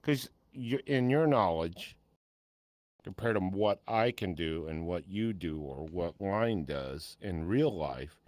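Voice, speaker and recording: A man's voice: low voice, animated, slow, a little mellow, dry recording, clean studio sound. An older man co-hosting a podcast, chatting bluntly and telling stories, with casual swearing. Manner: blunt, swears freely, storytelling.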